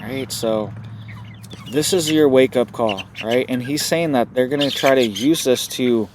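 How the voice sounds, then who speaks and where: Male homesteading host, urgent casual commentary at home, mid voice, soft chicken noise behind. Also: mid-range voice, a little slow. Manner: urgent, repeats "right?" often. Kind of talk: casual direct-to-camera commentary. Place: home setup with chickens nearby. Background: chickens clucking.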